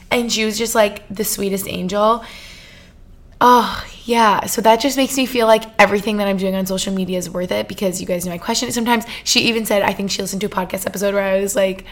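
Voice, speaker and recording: A woman's voice: mid-range voice, steady tone, fairly quick. A young woman in her twenties hosting a casual solo podcast, chatty and gushing, with lots of fillers. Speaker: podcast host.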